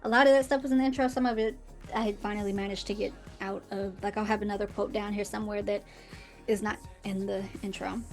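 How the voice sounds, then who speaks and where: A woman's voice: mid-range voice, steady tone, fast, darkish tone, faint music behind. A woman hosting her own podcast, reading quotes aloud and answering them with sarcastic, emphatic commentary and laughs. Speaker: podcast host.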